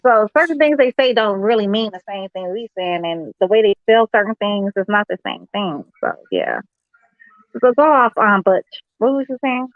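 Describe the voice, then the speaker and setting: A woman's voice: medium pitch, big pitch swings, normal speed, no echo, narrow, tinny audio. A woman from Chicago hosting a casual online chat, joking and laughing at herself. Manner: joking, laughing, self-mocking.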